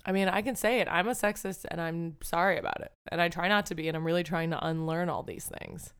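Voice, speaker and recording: A woman's voice: lowish voice, steady tone, fast talker, smooth. A young woman hosting a casual solo podcast, talking candidly and rambling, self-deprecating and often swearing. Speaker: podcast host.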